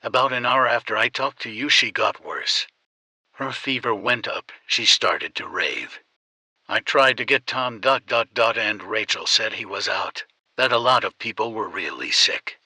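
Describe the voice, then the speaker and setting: A man voicing a shaken father who speaks in a halting, breaking way as he reports bad news in an audiobook. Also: fairly low pitch, bright, forceful tone, no echo, heavily acted. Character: shaken older father, struggling to stay calm.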